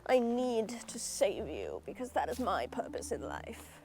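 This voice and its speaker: Smug British-accented savior woman, put on by a woman vlogger: condescending, preening, slow and self-satisfied, light music beneath. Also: a little high, wildly swooping pitch, full character voice.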